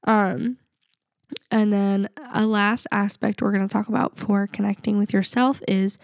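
A woman's voice: mid-range voice, flat delivery, measured pace, vocal fry, no room sound, studio quality. A young adult woman co-hosting a podcast, talking in an earnest, reflective way and laughing often. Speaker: podcast co-host. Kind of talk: casual podcast chat.

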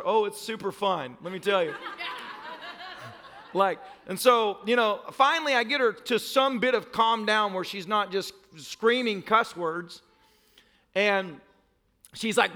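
A man's voice: sits high, animated, a little slow, pauses often, pushed and bright, slight background noise. A pastor in his thirties preaching a sermon, telling a story with laughter and a voice that cracks upward. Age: 30s.

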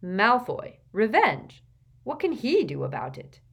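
A woman's voice: medium pitch, wildly swooping pitch, measured pace, gravelly, fairly bright tone, breathy edge, pitched above the performer's own voice, exaggerated voice. A woman voicing a blunt teenage boy who blurts out incredulous remarks.

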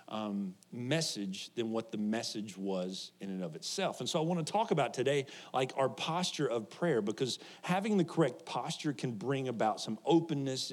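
A man's voice: mid-range voice, expressive, normal speed. A middle-aged man, a pastor, preaching a conversational sermon to a congregation, joking, laughing often and asking his listeners questions.

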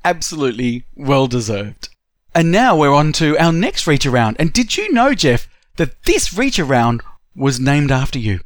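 A man's voice: on the high side, sing-song, moderate pace, no room sound, clean studio sound. A man co-hosting a pinball podcast's mock awards show in an announcer style. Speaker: podcast co-host.

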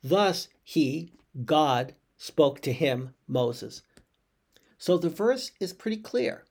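A rabbi explains a Hebrew verse, walking listeners through it step by step. His voice is gravelly and sits a little high for a man. He asks questions aloud and corrects himself as he goes. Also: expressive, slow pace, a little mellow. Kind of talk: teaching Torah commentary.

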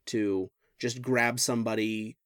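Brief: lively, joking podcast co-host, mid pitch, dead-dry close mic. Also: a little slow, smooth, dry recording. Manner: animated, jokey, pitch jumps up when excited. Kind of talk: casual chat about film history.

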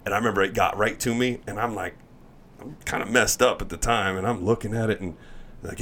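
A man with a fairly low voice chats on a podcast as a guest. He tells his stories with animation, laughs easily and slips into the voices of the people he quotes. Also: steady tone, fast talker, a bit bright, a little hiss or hum. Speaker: podcast guest, pro baseball pitcher. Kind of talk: casual chat, animated storytelling.

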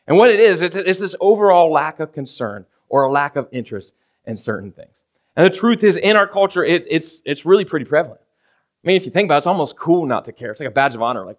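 Speaking fast in a slightly high voice with lively intonation, a man preaches as a pastor in a conversational way. He habitually asks "right?" of his listeners and dramatizes daily situations in character voices.

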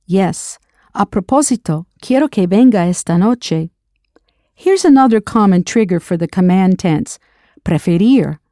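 A woman's voice: medium pitch, lively intonation, a little slow, dark tone, no room sound, clean studio sound. A woman narrating a scripted audio language lesson as the teacher. She patiently prompts drill questions and then confirms the answers.

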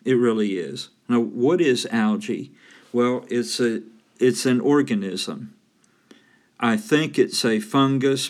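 A man with a Southern drawl talks unhurriedly, taking his time over each phrase. He hosts a home maintenance podcast in a folksy, joking manner, with a voice of middling pitch. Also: a little mellow. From Southern United States. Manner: folksy, joking, self-promoting. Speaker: podcast host and roofing consultant. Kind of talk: casual solo podcast monologue.

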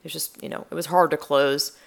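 Casual, rambling woman with vocal fry. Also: low-pitched, fairly even intonation, fairly quick. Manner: rambling, profane, full of fillers and restarts. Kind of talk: casual chat.

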